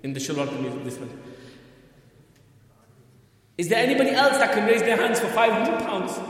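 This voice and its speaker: Man, high pitch, fervent charity appeal speaker, urges crowd to give; far-off mic, heavy hall echo. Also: big pitch swings, normal speed, fairly bright tone. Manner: pleading, urges the crowd with repeated questions. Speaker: charity fundraiser. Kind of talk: impassioned fundraising appeal. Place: large hall at a religious gathering. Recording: echoey hall, distant mic.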